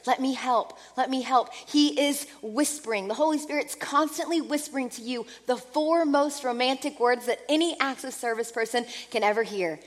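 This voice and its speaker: A woman's voice: on the high side, moderate pace, hardly any pauses. Woman preaching in an echoing hall. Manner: earnest, lively preaching that drops to soft, hushed passages. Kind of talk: sermon.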